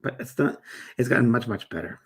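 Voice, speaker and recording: A man's voice: medium pitch, brisk, vocal fry, a bit bright, breathy edge. A middle-aged man hosting a live spiritual chat show, rambling casually as he reads viewer comments aloud and answers them. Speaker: host and medium.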